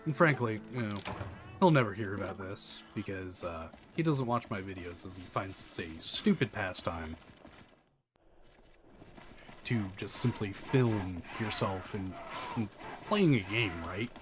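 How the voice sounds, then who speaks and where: A man's voice: fairly low pitch, animated, moderate pace. A man giving jokey let's play commentary, sliding into mock-grand announcements as he plays. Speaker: gaming channel host. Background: game music.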